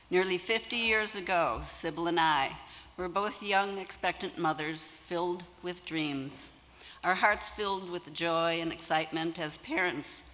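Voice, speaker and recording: A woman in her seventies, a longtime family friend, reading measured remarks at a memorial service. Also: fairly low pitch, pushed and bright. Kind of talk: memorial tribute. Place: church sanctuary. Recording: long church-hall reverb.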